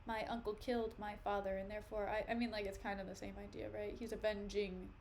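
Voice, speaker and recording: A woman's voice: medium pitch, level tone, fast, a little mellow, a little hiss or hum. A young woman streamer reading a play aloud and breaking off to explain it in chatty asides. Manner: chatty, says "like" and "okay" often. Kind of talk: casual read-aloud with commentary.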